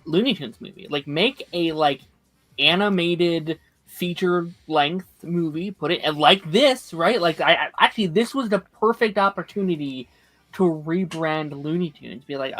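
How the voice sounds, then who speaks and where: A man's voice: on the high side, a little slow, a bit bright. A man on a casual talk panel, making his point in long, rambling sentences. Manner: rambling, lots of "like" fillers.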